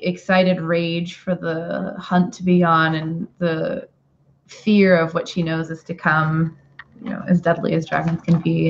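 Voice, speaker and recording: A woman's voice: fairly low pitch, dull audio, a little hiss or hum. A woman player chatting casually at a tabletop game, thinking aloud with plenty of fillers, over a video call.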